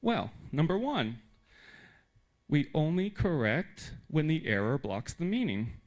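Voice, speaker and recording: A young American man giving a live presentation to teachers in a theater, lively and joking with the audience. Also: on the high side, measured pace. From United States. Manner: animated, talks with humor and audience asides. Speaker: conference speaker.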